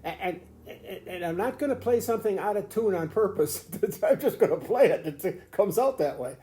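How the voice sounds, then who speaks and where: In a casual home video lesson, an older grandfather explains the fiddle to his grandchild. His voice is high-pitched, animated and warm at a normal speed, and his folksy, rambling talk is full of restarts and chuckles.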